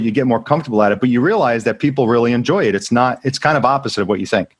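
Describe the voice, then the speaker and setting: A man's voice: mid-range voice, very fast, husky, no room sound. A man hosting a casual interview, talking in an easygoing way with frequent restarts. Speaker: podcast host.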